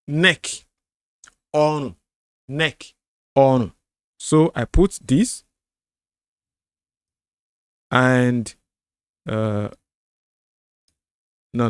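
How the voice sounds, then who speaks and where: A man's voice: mid-range voice, no room sound. A middle-aged Nigerian man with a Yoruba accent walks through words one at a time at a leisurely pace. He repeats each word and sings out tone syllables as he marks them. His voice sits close and dry on a desk mic. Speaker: apologetics channel host. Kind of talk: screen-share language lesson.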